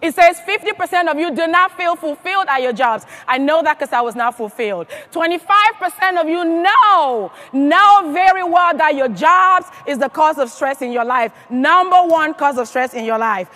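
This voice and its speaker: A woman's voice: high-pitched, expressive, moderate pace, hardly any pauses, bright, forceful tone. A woman giving a motivational speech to a live audience, emphatic and firing questions at the crowd. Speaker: motivational speaker at a sales event.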